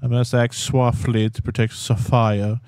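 A man's voice: medium pitch, little pitch movement, unhurried, darkish tone, clear, resonant tone, natural voice. A man voicing a grieving middle-aged male ex-priest reading his own letter, in a put-on Italian accent. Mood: dread-filled. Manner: reading aloud a dramatic letter, stumbling and laughing at times.

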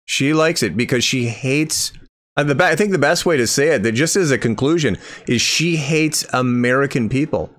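A man's voice: mid-range voice, normal speed, fairly bright tone. A man commenting on a video clip, incredulous and critical, rambling and restarting his sentences.

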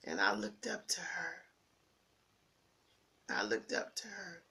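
Woman, grieving and near tears, slow heartfelt monologue, gravelly tone, repeats lines, slips into whispers. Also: low-pitched, very animated. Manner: heartfelt, slow, repeats phrases, swings between loud emphasis and breathy whispers. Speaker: vlogger sharing a personal tribute. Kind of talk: emotional personal monologue.

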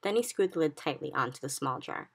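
A woman reading a children's book aloud in steady narration. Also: sits low, brisk, creaky, breathy edge. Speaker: reader. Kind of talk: storybook read-aloud.

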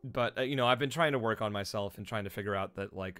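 A man's voice: on the low side, fast talker, hardly any pauses, pushed and bright. A man who streams and voice-acts, chatting casually with his viewers in a rambling, self-deprecating way, full of fillers and restarts. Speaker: streamer and voice actor.

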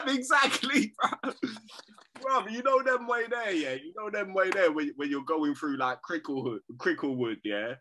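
A man's voice: normal speed, a little hiss or hum. A man co-hosting a fight podcast, teasing and swearing freely in casual banter over a remote call. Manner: animated, teasing, swears freely, bursts into high laughs. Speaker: podcast co-host.

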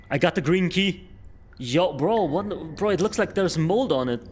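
A man who is not a native English speaker, streaming a horror game with excitable, exclaiming commentary. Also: high voice, moderate pace, a little hiss or hum.

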